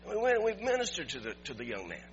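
A man, a pastor, preaching a sermon in an animated storytelling way that climbs to emphatic peaks. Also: high voice, very fast, muffled recording, soft background music.

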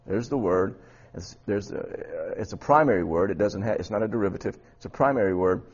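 A man with a husky voice teaching a Bible study class, often repeating words and quizzing his students. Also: on the low side, brisk, a little mellow, lo-fi sound.

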